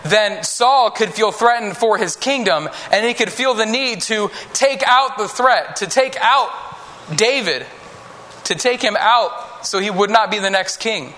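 A man's voice: sits high, animated, a little slow, pushed and bright. A man giving a children's sermon in a conversational way, acting out Bible characters in voices. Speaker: preacher teaching children.

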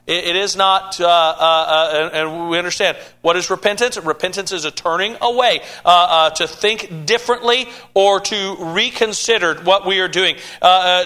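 Delivering a sermon, this pastor's high, bright voice stammers and restarts phrases frequently, and he drives home every point with a building, emphatic cadence.

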